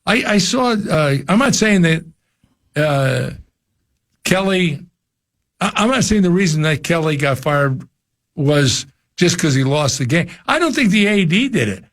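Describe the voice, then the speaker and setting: Older man talking sports radio, lively. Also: on the high side, measured pace. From New Jersey. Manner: rambling, repeats words when starting thoughts. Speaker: former college football coach, guest. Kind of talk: casual radio sports talk.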